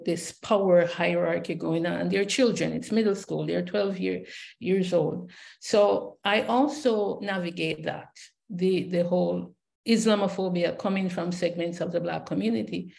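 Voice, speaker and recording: A woman's voice: fairly low pitch, fairly even intonation, measured pace, vocal fry, a little mellow. A woman from Jamaica with a Jamaican accent, a scholar and poet speaking on a panel, reflective and searching, with many fillers and repeated starts. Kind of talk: panel discussion remarks.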